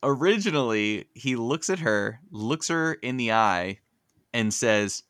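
A man hosting a podcast, casually recapping a cartoon episode with animated, joking storytelling. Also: mid-range voice, slow pace, clean tone, dry recording, clean studio sound. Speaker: podcast host.

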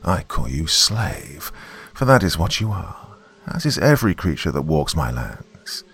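A man voicing an ancient giant river serpent, a male, low, distant voice that talks down with imperious contempt. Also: very animated, a little slow, creaky, fairly bright tone, husky, heavily acted. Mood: commanding.

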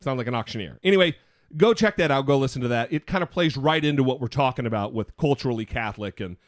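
A man co-hosting a casual podcast, talking in quick asides and poking fun at himself. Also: medium pitch, no echo, studio quality. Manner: animated, self-mocking, quick asides. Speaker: podcast co-host.

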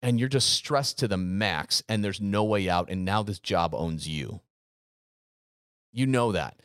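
A man with a fairly low voice talks in a casual podcast chat, earnest and emphatic, circling back over his words. The sound is dry and close to the mic. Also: measured pace, fairly bright tone, no room sound. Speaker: podcast co-host, gym business coach.

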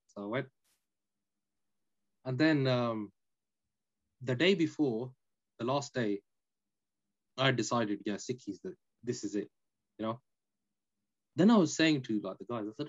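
Man, podcast guest, storytelling, emphatic and chatty, mid-low voice, lo-fi dull recording. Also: a little slow, pauses often. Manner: animated, emphatic, peppered with "innit" and "you know". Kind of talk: casual storytelling chat.

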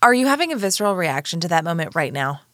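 A woman co-hosting a podcast in casual chat who jumps in with eager reactions and quick asides. Her voice sits on the low side. The sound is close and dry. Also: sing-song, a bit bright, no echo. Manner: reactive, enthusiastic listener. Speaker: podcast co-host.

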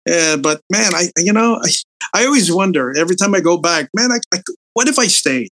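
Rambling, higher-voiced Filipino-born comedian. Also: male voice, expressive, fairly quick, a bit bright, slight background noise. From Philippines. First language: Tagalog. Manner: rambling, restarts and repeats words, frequent "you know". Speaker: stand-up comedian. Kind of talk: casual interview chat.

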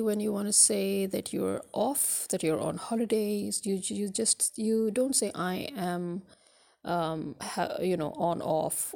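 A woman's voice: medium pitch, gravelly, dark tone. A woman teaching a spoken English lesson, explaining in a loose way with many fillers.

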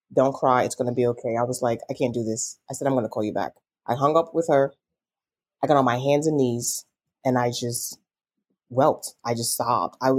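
A young adult woman as an interview guest, telling a personal story with feeling and acting out quoted dialogue. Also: low-pitched. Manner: emotional, animated retelling with quoted dialogue.

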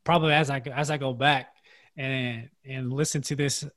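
A man's voice: mid-range voice, steady tone, normal speed, a bit bright. A man hosting a casual podcast conversation, earnest and thinking aloud, restarting his sentences often. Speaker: podcast host.

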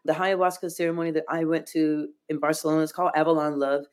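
Low-voiced earnest woman guest. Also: level tone, quick pace. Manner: earnest, heartfelt, frequent "like" fillers. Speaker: podcast guest. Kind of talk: emotional personal storytelling.

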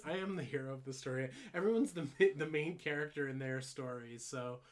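A young podcast co-host with a medium-pitched voice speaks briskly as he casually spins a long story. He rambles, peppers it with "like," swears freely and laughs while he tells it.

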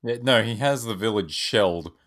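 Male co-host, low voice, sarcastic, swears, wry asides. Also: moderate pace, fairly bright tone. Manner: sarcastic, swears, laughs at his own jokes. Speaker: podcast co-host. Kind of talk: casual chat.

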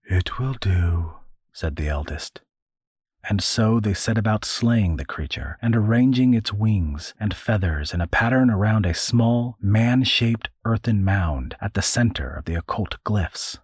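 A man reading a dark fantasy story as narrator, in a slow, measured way. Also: lowish voice, animated, breathy edge, dry recording, clean studio sound. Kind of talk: scripted narration.

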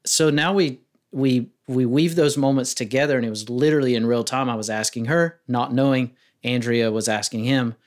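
A man talks loosely on a podcast, his voice sitting at an ordinary middle pitch. He rambles a little and jumps into brighter, livelier tones when he acts out the questions he asks people. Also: fairly even intonation, moderate pace. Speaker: wedding filmmaker guest. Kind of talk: casual podcast interview.

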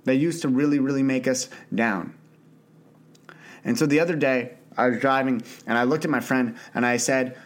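A man's voice: mid-range voice, a little fast. A young man hosting a solo podcast, talking earnestly and off the cuff with frequent restarts and the odd swear word. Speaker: podcast host. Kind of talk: unscripted solo podcast monologue.

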